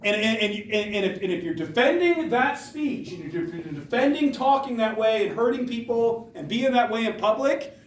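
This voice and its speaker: A man's voice: very high voice, expressive, moderate pace, a little hiss or hum. A man giving an emphatic motivational talk to students in a school hall, firing rhetorical questions at the audience. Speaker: speaker addressing students. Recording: echoey room from far off.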